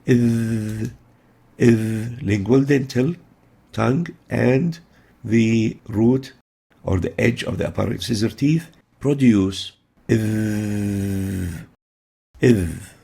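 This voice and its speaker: A man teaching pronunciation in a lesson, explaining each sound slowly and repeating it in drills. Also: medium pitch, gravelly, warm tone.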